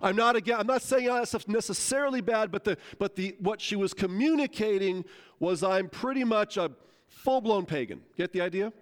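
A man preaching a sermon, telling a story in a lively, conversational way and acting out the quotes. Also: high-pitched, normal speed. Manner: animated, conversational, acts out quotes. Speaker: pastor.

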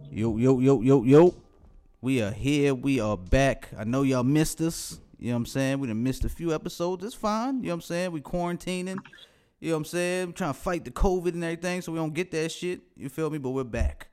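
A man's voice: on the high side, fairly quick, darkish tone, clear, resonant tone, faint music behind. A man hosting a podcast, casual banter in loose slang, laughing often. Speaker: podcast host.

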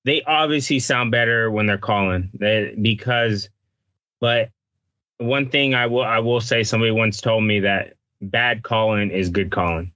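A man chatting casually about hunting calls, halting and repeating himself as he restarts his sentences. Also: lowish voice, sharp tone, no echo, dull audio. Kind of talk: casual chat about duck calling.

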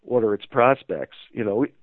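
A man's voice: medium pitch, moderate pace, dry recording. A man telling a story as an interview guest, rambling and hesitant with many fillers. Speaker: interview guest, magazine owner. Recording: tinny phone line.

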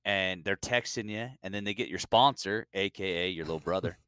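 A man co-hosting a podcast, telling a stand-up comedy bit with animated storytelling and sudden high mock voices. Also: a little fast, clean tone, no room sound, studio quality. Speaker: podcast co-host.

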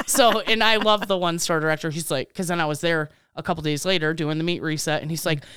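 A woman co-hosting a casual podcast, telling a lively work story, swearing freely and acting out what people said, a little tired. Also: low-pitched, quick pace, smooth, no room sound, clean studio sound. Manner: animated storytelling, swears freely, acts out quotes. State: tired, yawning. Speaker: podcast co-host. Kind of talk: casual chat.

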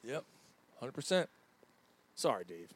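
A man hosting a casual sports chat show, animated and quick to crack jokes, with plenty of profanity. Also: medium pitch, breathy edge. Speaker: podcast host.

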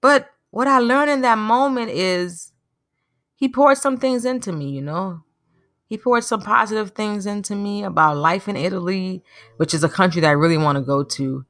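A woman's voice: medium pitch, moderate pace, a bit bright, no echo, studio quality. A woman hosting a podcast, giving an earnest, preachy motivational talk and telling stories with animation. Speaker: podcast host. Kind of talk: motivational monologue.

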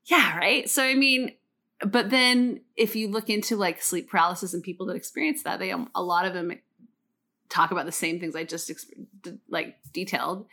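Bright-voiced woman telling a story. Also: on the low side, normal speed. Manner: animated storytelling, frequent swearing, many fillers. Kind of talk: casual chat.

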